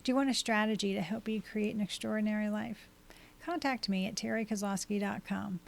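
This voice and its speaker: Woman with a gravelly podcast voice. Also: mid-range voice. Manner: steady, measured reading of numbered tips. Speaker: podcast host and life coach. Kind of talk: scripted advice monologue.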